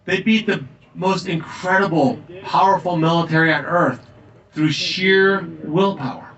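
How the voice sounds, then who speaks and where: A man delivers a campaign stump speech with an emphatic, anecdotal drive. His voice is forceful and sits fairly high. He sounds set back from the mic in a tavern. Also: a little slow, far from the mic, lo-fi sound. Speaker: political candidate. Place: tavern, indoors.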